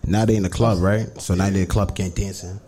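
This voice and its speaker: A man's voice: low-pitched, fast. A man co-hosting a podcast, telling a story in casual chat and asking "feel me?" again and again. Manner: animated storytelling, repeats "feel me?". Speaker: podcast co-host. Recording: background noise.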